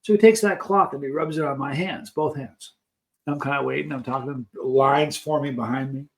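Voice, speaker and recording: Casting: male vlogger, mid pitch, chatty storyteller, snack-tasting asides. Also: fairly quick, creaky. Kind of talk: casual storytelling while taste-testing snacks.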